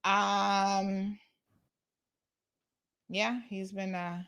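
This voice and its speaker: A woman's voice: mid-range voice, little pitch movement, extremely slow, gravelly, a bit bright, clear, resonant tone. A woman hosting a talk show, chatting casually with sassy asides to viewers. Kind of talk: casual commentary.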